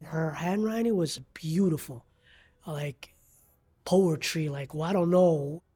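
A man who works as a hotel bellhop, telling an emotional story in a husky, earnest voice in a documentary interview. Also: a little high, slow, mellow.

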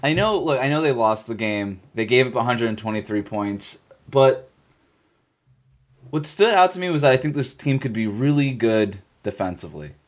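A man's voice: medium pitch, lively intonation, normal speed. A man co-hosting a sports podcast, arguing his point emphatically and repeating lines for stress. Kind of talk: casual sports talk.

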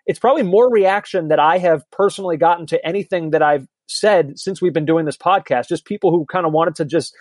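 A man co-hosting a podcast with a slightly high voice, chatting easily and reflectively. The sound is dry and close to the mic. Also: brisk, few pauses, dry recording. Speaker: podcast co-host. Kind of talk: casual chat.

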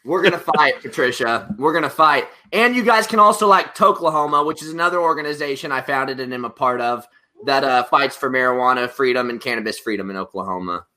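A man's voice: mid-range voice, a little fast, pushed and bright. A man chatting casually as a podcast guest, easygoing and joking.

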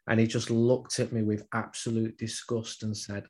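A man's voice: medium pitch, moderate pace, hardly any pauses. A man chatting casually on a football podcast, a regular on the show, talking in a chatty, self-deprecating way and often repeating words as he starts a thought. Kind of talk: casual chat.

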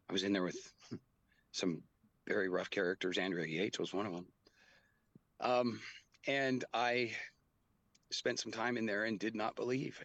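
A middle-aged man talks through a hard memory as an interview guest, earnest and halting. His voice sits very low with a gravelly fry and a husky edge. The sound is close and dry. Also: a bit bright, no echo. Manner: earnest, halting, with quoted dialogue. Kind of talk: personal storytelling in an interview.

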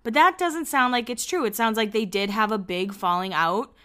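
A young woman hosting a podcast and recapping a reality show in casual chat, laughing often and slipping in quick quoted asides. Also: a little high, bright, forceful tone, clean tone.

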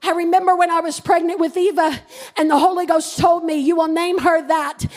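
Very high-voiced fervent woman pastor preaching. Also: fairly even intonation, fairly quick. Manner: fervent, builds to shouted declarations; personal storytelling with humour. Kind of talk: sermon.

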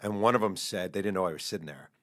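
A middle-aged man, an author being interviewed, telling animated stories in a casual chat and laughing along with his own anecdotes. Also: deep voice, racing. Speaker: author guest.

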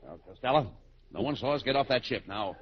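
A man's voice: mid-range voice, expressive, brisk, over loud music. A man playing the exasperated, scolding straight man in a 1940s radio comedy duo, on a dull old broadcast recording.

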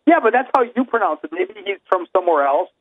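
A man's voice: high-pitched, very animated, fast, dry recording. A man co-hosting a podcast in casual chat, rambling and arguing with many fillers. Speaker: podcast co-host. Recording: tinny phone-line sound.

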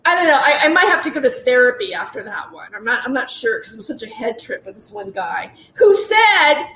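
A comedian in her forties tells a rambling, casual story packed with "like"s, restarts and laughing asides. Her voice sits high and sing-song, a bit bright and fairly quick, in a roomy-sounding space.

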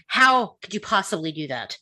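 Lively, laughing woman podcast host. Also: mid-range voice, measured pace, no echo. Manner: animated, laughing often, blunt. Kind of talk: casual chat.

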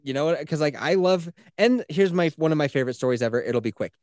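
A man co-hosting a casual podcast, talking in a profane, animated way and laughing often. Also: fairly high pitch, fast, dry recording, clean studio sound. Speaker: podcast co-host.

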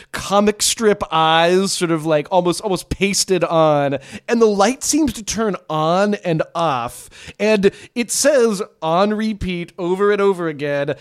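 A man with a fairly high, smooth, clear voice co-hosts a podcast. He rambles through scene descriptions, stops to restart and chuckles along the way. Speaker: podcast co-host. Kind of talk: casual podcast discussion.

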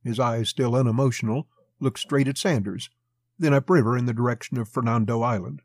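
A man narrating a western novel in a steady storytelling voice. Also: medium pitch, brisk, dry recording, studio quality. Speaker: audiobook narrator.

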